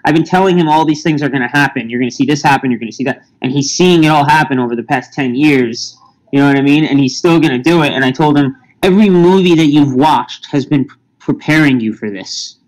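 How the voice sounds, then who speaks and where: Dude on a podcast, mid pitch, pushes his points hard and keeps repeating them. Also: poor audio. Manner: emphatic, insistent. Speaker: podcast guest. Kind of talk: casual podcast chat.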